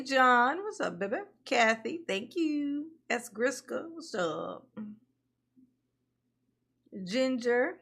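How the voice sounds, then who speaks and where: A woman's voice: medium pitch, vocal fry, bright, forceful tone. A woman hosting a casual livestream, greeting her viewers by name, laughing often and calling them honey and baby. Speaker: livestream commentary host.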